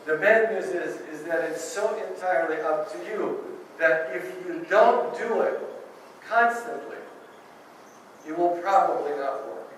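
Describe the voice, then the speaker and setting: A man's voice: fairly high pitch, measured pace, a bit bright, slight background noise. A man with a Russian accent gives an earnest, encouraging talk to a support group, mixing in self-mocking humor. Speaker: ballet teacher speaking to a Parkinson's group. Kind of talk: public talk. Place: meeting room. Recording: echoey room, mic at a distance.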